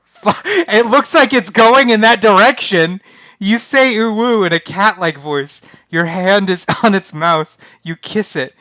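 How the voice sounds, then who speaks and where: A man's voice: high-pitched, measured pace, pushed and bright, no room sound. A young man streaming a text adventure game, reading the game text aloud in a casual, flustered way and often laughing. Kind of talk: casual live-stream commentary.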